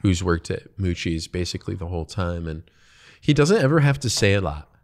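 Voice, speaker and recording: Speaking a bit fast, with lively intonation in a low voice, a man hosts a podcast and talks casually about his job and the people he works with. He often trails off and begins his thoughts again.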